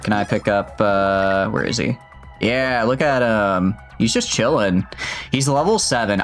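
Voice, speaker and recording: A man's voice: lowish voice, fairly bright tone. A young man casually chatting with viewers while streaming a game, rambling and laughing often. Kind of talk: casual gameplay livestream chat.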